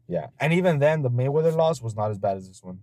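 Podcast host, male, dark mellow tone, dry close sound, swears a lot, loose storyteller. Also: medium pitch, animated, quick pace, no room sound. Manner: laughs often. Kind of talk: casual podcast chat.

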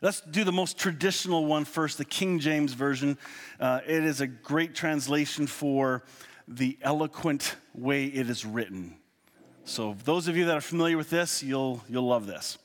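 A man giving a sermon, earnest and reading scripture slowly, with quick asides full of fillers. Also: a little high. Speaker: pastor. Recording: long hall reverb.

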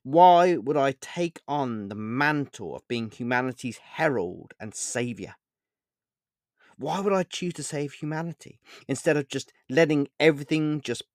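A man reading the lines of a mysterious, godlike man in black who is compassionate and rebellious, in a soft-spoken, earnest way. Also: medium pitch, lively intonation, a little slow, no echo, studio quality, close to an everyday voice. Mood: impassioned.

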